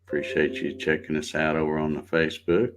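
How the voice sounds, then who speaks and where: A middle-aged man hosting a casual morning livestream, greeting viewers by name in a relaxed, folksy way. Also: extremely low pitch, fairly quick, background noise. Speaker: livestream host.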